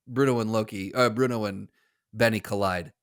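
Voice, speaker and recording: A man's voice: lowish voice, normal speed, fairly bright tone, clear, resonant tone. A man co-hosting a casual podcast, rambling through his stories with restarts and chuckles. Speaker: podcast co-host. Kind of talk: casual chat.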